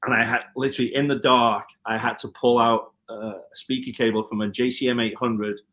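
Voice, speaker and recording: A man from Liverpool with a Scouse accent softened by American, a guitar tech chatting in an interview and telling stories with many ums and restarts. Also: mid-range voice, little pitch movement, brisk. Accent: Liverpool (Scouse), with some American mixed in. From Liverpool, England. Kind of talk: casual interview chat.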